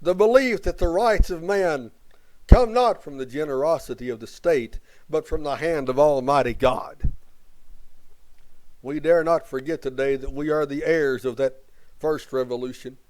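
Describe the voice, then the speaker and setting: A man's voice: a little high, moderate pace, darkish tone, poor audio. A man delivering a declamatory rally speech with rhetorical questions and chanted refrains. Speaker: rally speaker. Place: outdoor rally.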